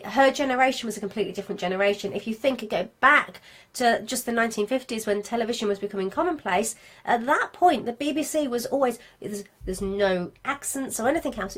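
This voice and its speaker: A woman's voice: mid-range voice, lively intonation, a little fast, fairly bright tone. A woman coaching craft sellers in a live stream from home, chatty and encouraging, with frequent asides. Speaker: craft business marketing coach. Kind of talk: live-streamed class to viewers.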